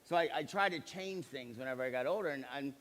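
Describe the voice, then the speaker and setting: At a motivational seminar in a large hall, a male company executive in his forties speaks quickly in a mid-range voice, animatedly voicing the dialogue in his anecdotes. A live audience is present, and the room sound reverberates.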